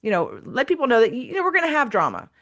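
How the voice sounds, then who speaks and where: A woman's voice: a little high, wildly swooping pitch, quick pace, fairly bright tone. A woman hosting a casual podcast conversation, frank and blunt, who swears casually and acts out the voices of people she quotes. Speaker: podcast host.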